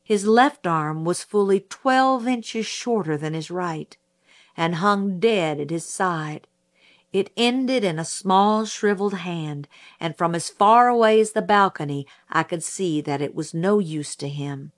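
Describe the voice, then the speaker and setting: A woman narrating a novel in an even, unhurried reading voice. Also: fairly low pitch. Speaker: audiobook narrator. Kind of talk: scripted narration.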